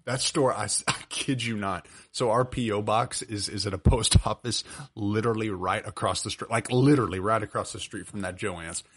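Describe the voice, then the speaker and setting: Podcast co-host, man in his twenties, lowish voice, animated storyteller acting out voices. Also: normal speed, hardly any pauses, husky. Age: 20s. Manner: animated storyteller who acts out voices and laughs often. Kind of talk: casual storytelling chat. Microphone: video call.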